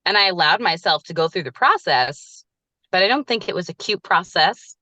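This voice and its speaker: Woman, thirties, podcast guest, candid storytelling, lively quoted lines, dry slightly muffled sound. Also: lowish voice, moderate pace, no room sound. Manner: animated, acts out her own quoted lines. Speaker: podcast guest, resilience coach.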